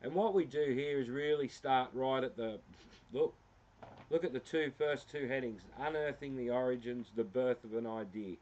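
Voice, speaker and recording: A man's voice: medium pitch, normal speed, a little mellow, slight background noise. Rambling Australian man on a livestream. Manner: rambling, filler-heavy, self-deprecating. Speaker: livestream host. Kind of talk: casual livestream walkthrough. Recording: slightly dull lo-fi sound.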